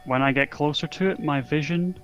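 A man's voice: a little high, fairly quick, highs cut off. A man casually commentating a co-op game, joking and cursing as he reacts. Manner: profane, joking, jumpy reactions. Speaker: gaming video host. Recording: game music in background.

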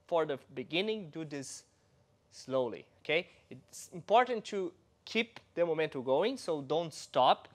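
A man's voice: a little high, expressive, a little slow. A man from Brazil, a dance teacher explaining moves step by step while demonstrating. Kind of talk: instructional dance lesson.

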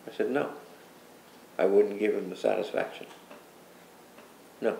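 Gravelly older man, earnest and rambling. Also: fairly low pitch, steady tone, moderate pace, long pauses, warm tone. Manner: earnest, rambling recollection with repeated pleas and asides. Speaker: interview guest. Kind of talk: personal storytelling in an interview. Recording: roomy echo with faint background noise.

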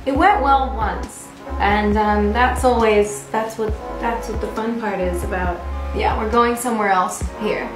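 A woman in her late thirties joking around in a deliberately bad put-on British accent, mocking herself. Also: medium pitch, steady tone, lightly acted. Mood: teasing. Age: late 30s. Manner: jokey, exaggerated, self-deprecating. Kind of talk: playful self-mocking video. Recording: echoey room with music behind.

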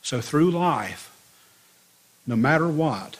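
A man's voice: a little high, animated, slow pace. A man preaching a sermon as a pastor, telling a story with emphasis.

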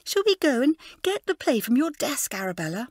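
A woman reading an audiobook, voicing an excited schoolgirl who gabbles eagerly. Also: high voice, brisk, no echo, studio quality, pitched above the performer's own voice. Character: gushing excited schoolgirl chatterbox. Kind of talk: audiobook character voice.

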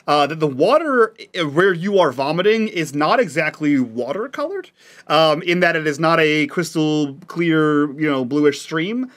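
Guy running a tabletop game, kinda high voice, lots of ums. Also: unhurried. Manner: relaxed, chatty narration with many fillers. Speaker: game master.

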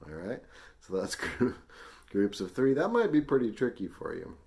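Deep-voiced male music teacher, easygoing and chatty, demonstrating counting on camera. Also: normal speed, vocal fry, slight background noise. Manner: relaxed, chatty explanations with ums and small laughs. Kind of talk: music lesson, demonstrating rhythm syllables.

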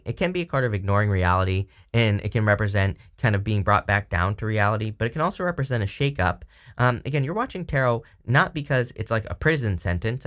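A man giving a casual, chatty tarot reading, animated and full of fillers, laughing now and then. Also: mid-range voice. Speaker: tarot reader.

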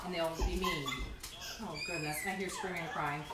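Streaming live from her condo kitchen, this woman in her thirties chats in a loose, rambling way packed with "like." She speaks at normal speed in a fairly low, steady voice. The background is noisy and the room sounds echoey.

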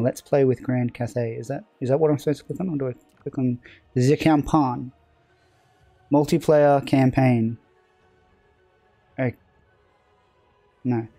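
A man with a medium-pitched, dark-toned voice rambles casually during a live game stream, joking about himself and chatting with his viewers. The recording carries no room sound.

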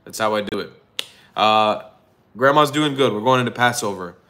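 Bright, brash male livestream host. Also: fairly low pitch, normal speed, rough recording. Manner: loud, joking hype-man delivery with swearing. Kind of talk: casual livestream chat. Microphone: phone hotspot livestream.

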